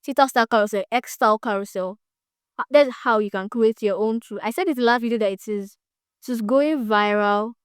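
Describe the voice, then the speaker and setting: A chatty woman walks through a tutorial, her voice a touch high and smooth. She gets excited easily and repeats herself often. The sound is dry and close. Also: a little fast, dry recording. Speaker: social media tutor. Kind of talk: casual step-by-step tutorial. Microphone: phone on a tripod.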